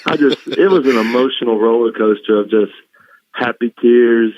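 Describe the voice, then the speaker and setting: A man's voice: medium pitch, normal speed, background noise. A man from the American South, a guest telling family stories in casual chat, often laughing. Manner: emotional storytelling with laughs. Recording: dull lo-fi line.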